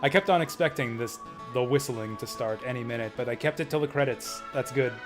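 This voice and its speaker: A man's voice: mid-range voice, brisk, over music. A young man streaming a game and chatting casually, laughing and using lots of filler words. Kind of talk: casual gameplay commentary.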